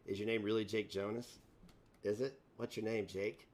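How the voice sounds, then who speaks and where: A man's voice: on the low side, steady tone, normal speed, darkish tone. A man hosting a live stream, taunting and mocking a caller in a sarcastic rant.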